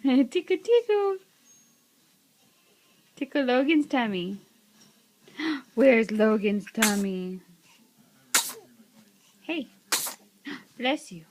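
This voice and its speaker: A woman's voice: on the high side, lively intonation, very slow, pauses often, a little mellow, slight background noise. A mother chatting with her toddler in coaxing, sing-song baby talk, asking playful questions. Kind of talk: home video baby talk.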